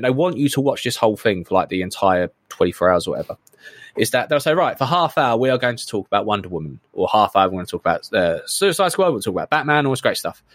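Guy hyped about movies on a podcast, swears a lot, mid-pitch, dry mic. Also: no room sound. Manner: excited, sweary, rambling. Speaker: podcast co-host. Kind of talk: casual film podcast chat.

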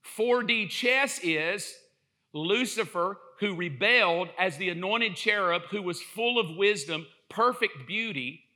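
A male pastor preaching a sermon in an animated, joking storyteller's way, acting out little quotes as he goes. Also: high voice, slow pace.

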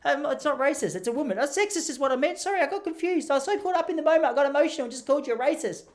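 A shrill, flustered accuser put on by a man babbles in a high, squeaky voice that leaps all over the place. The tone swoops wildly from word to word. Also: lively intonation, rapid-fire.

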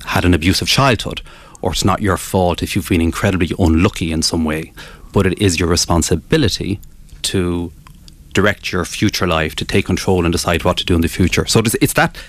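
A man, a business author interviewed as a guest, explaining his ideas in a measured way with frequent restarts. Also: sits low. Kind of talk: radio interview.

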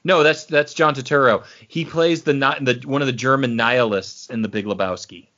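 A man's voice: mid-range voice, a little fast, sharp tone, highs cut off. A man in casual chat about movies, rambling and enthusiastic.

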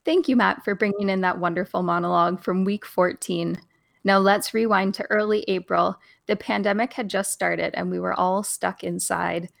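A woman co-hosting a book podcast as a teacher, chatting casually and reading aloud with animated, goofy voices. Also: medium pitch, vocal fry, no echo, clean studio sound. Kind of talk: casual book chat and playful read-aloud.

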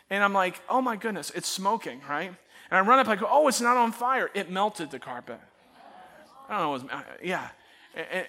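A middle-aged male pastor preaching in a church auditorium, his voice high-pitched and bright. He tells stories with lively, self-mocking energy and then softens into quiet, earnest prayer. The delivery is warmly conversational, like a man talking straight to his congregation. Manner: animated storytelling, self-mocking, turning quiet and prayerful at the close. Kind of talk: sermon.

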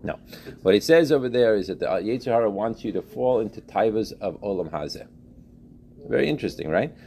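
A man teaching a religious text class, animated, questioning students and repeating phrases as he explains. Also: on the low side, fairly quick, slight background noise. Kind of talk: interactive class lecture.

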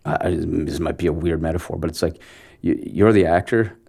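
A man in his forties, an actor guest, telling stories earnestly in an interview, with halting restarts. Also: sits low, creaky, mellow, breathy edge. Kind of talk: conversational storytelling interview.

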